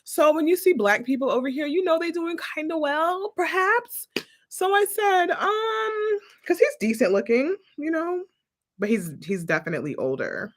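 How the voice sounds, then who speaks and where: Sassy animated woman vlog host. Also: extremely high pitch, normal speed. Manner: animated, sassy, laughs often. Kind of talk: casual chat to camera.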